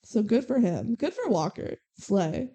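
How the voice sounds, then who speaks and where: A woman's voice: medium pitch, animated, unhurried, mellow, breathy edge, dull audio. A young woman co-hosting a podcast, casually recapping a movie scene by scene and quoting the characters, with lots of "like" and "um.". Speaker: podcast co-host.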